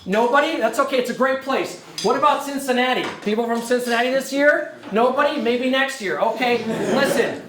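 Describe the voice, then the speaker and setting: A man giving an energetic, joking presentation to a room of prospective camp staff, often turning to the audience with questions. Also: very high-pitched, brisk, few pauses, background noise. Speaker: camp director recruiting staff. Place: lecture room. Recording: roomy hall echo.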